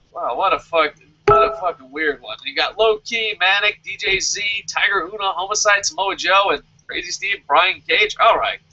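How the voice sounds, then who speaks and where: A man casually reviewing a wrestling show, sarcastic and animated, swearing freely. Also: high voice, highs cut off. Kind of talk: casual profane review rant.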